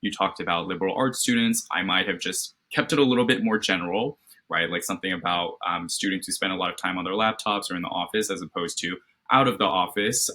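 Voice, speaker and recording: A man with a slightly low, husky voice gives a candidate structured feedback after a mock interview. His tone is bright and encouraging, and he checks in often with "right?". He is speaking over a video call.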